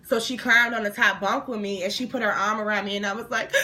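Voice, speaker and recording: A young woman vlogger telling a story to camera in a casual, animated way, acting out the voices and swearing freely. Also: mid-range voice, quick pace. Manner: animated, acts out every voice in her story. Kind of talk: storytime monologue.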